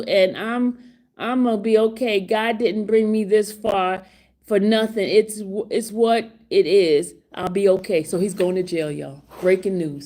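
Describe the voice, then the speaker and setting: A middle-aged woman vlogging casual commentary outside a courtroom, excited and laughing, repeating herself. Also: medium pitch, measured pace. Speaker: trial vlogger. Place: outside a courtroom, hallway area.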